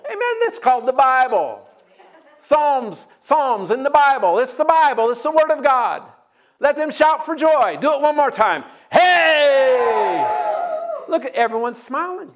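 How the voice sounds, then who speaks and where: A man preaching a sermon as pastor, energetic and joking, breaking into loud shouts. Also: very high-pitched, normal speed, slight background noise.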